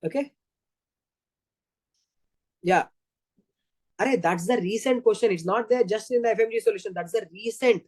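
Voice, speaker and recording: A man's voice: sits high, normal speed, pauses often, darkish tone, husky, dry recording. A man with an Indian accent teaching physiology in an exam-prep lecture, repeating points step by step. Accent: Indian English. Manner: repetitive, explaining step by step.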